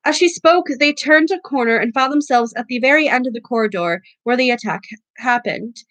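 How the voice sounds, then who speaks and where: A woman reading a novel aloud for a book club, halting often to restart words. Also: fairly high pitch, fairly bright tone, no echo.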